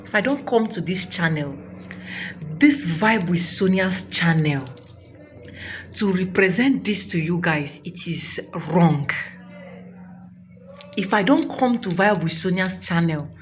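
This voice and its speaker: A woman's voice: lowish voice, animated, slow pace, long pauses, slight background noise. A young Nigerian woman vlogging a fervent, preachy testimony of thanks, close to tears. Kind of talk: emotional testimony vlog.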